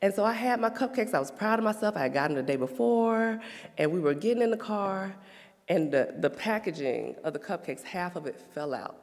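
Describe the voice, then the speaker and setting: A woman in her thirties sharing a church testimony, telling her story with lots of laughter and dropping to soft, confessional tones. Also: mid-range voice, lively intonation, brisk. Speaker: speaker giving a testimony. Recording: long reverb of a hall.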